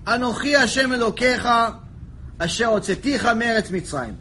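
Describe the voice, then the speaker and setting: A man teaching a Torah lecture, animated storytelling that jumps between quiet asides and shouted lines, joking with his listeners. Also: sits high, normal speed, slight background noise, low-quality recording. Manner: animated storytelling, acts out voices, jokes, shouts for emphasis. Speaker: rabbi teaching a lecture series.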